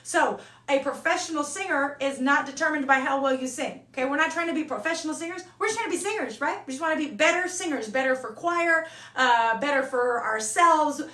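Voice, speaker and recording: A woman's voice: high-pitched, animated, quick pace, a bit bright, reverberant, far from the mic. A woman voice coach teaching an online singing lesson, talking casually and checking in with "okay?" and "all right?" between points.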